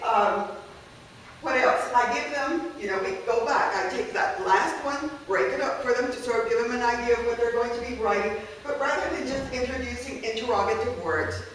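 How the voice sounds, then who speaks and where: Speaking from a distance in an echoey room, a woman who teaches languages gives a conversational workshop talk about classroom activities and often checks in with listeners. Her voice is slightly high, with a bit of background noise.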